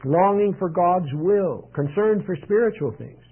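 A man's voice: high voice, expressive, unhurried, husky. A middle-aged man pastor, preaching a sermon in a plain, conversational way to his congregation. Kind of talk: sermon teaching. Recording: tinny lo-fi radio broadcast.

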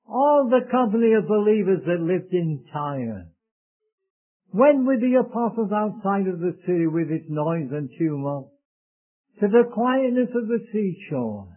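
A man's voice: sits high, sing-song, measured pace. A man preaching a sermon in an earnest, solemn way, speaking to his listeners as beloved. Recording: tinny lo-fi phone-like recording.

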